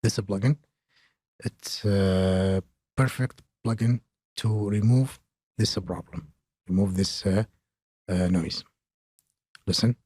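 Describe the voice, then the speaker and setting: Halting, soft-spoken man explaining audio plugins. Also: on the low side, steady tone, slightly rough, dry recording. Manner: halting, many filler pauses. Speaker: mixing tutorial host. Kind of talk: audio production tutorial.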